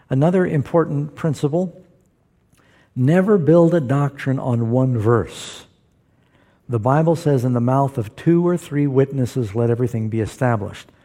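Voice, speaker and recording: A man's voice: medium pitch, mellow. A man preaching as a pastor, explaining Bible verses to a live audience in an emphatic, explanatory way. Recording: long hall reverb.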